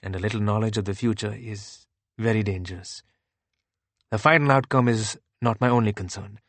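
A man's voice: lowish voice, moderate pace, a bit bright, no room sound. A man reading the lines of an earnest man burdened by visions of the future, grave and earnest. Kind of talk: audiobook character reading.

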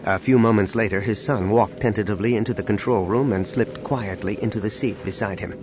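A man gives measured, scripted narration of a science-fiction novel as an audiobook reader, lowering his voice for sad lines. The clip carries a steady layer of background noise.

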